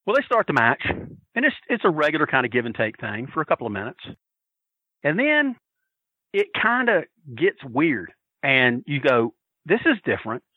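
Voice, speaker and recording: A man telling a story on a podcast, loud and profane, acting out the shouts of the crowd with laughter. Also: a little high, sing-song, normal speed, no room sound, narrow, tinny audio. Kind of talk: animated storytelling.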